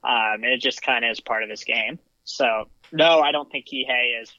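A man's voice: mid-range voice, normal speed, bright, forceful tone, no room sound, lo-fi sound. A man co-hosting a sports podcast, casually reading out stats and hedging his opinions. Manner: thoughtful, hedging, reads out stats. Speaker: podcast co-host.

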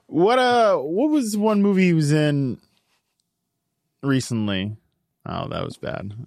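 Brief: male sports podcast co-host, animated pitch, hedges every take, close dry mic. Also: takes it slowly, no room sound. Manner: rambling, hedging opinions with "like" and "I think". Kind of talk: casual sports chat.

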